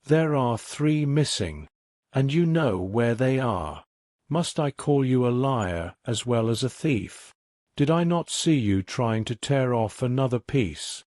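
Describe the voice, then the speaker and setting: A man narrates an older banker father who speaks with stern indignation, his mid-range voice steady and dry. He sounds like an audiobook character, close to the mic. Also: mid-range voice, takes it slowly, no echo. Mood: furious.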